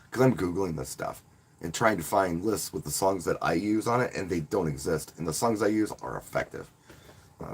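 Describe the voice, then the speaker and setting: Man, wedding DJ, casual live stream, husky, lowish voice, rambling and friendly. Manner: rambling, friendly, repeats words when restarting. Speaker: wedding DJ and channel host.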